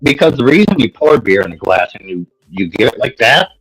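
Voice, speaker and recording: Man, mid-pitched voice, casual swearing chat, faint music behind. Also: sing-song, fairly quick, fairly bright tone, breathy edge, poor audio. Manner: blunt, profane, explanatory. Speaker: co-host.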